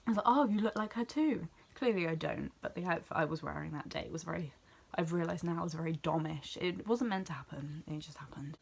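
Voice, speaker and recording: A young woman from near Bristol with a West Country English accent, chatting excitedly and rambling as she recaps an event in a vlog. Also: low-pitched, fast, vocal fry, slightly rough. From England. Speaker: vlogger. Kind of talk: casual chat.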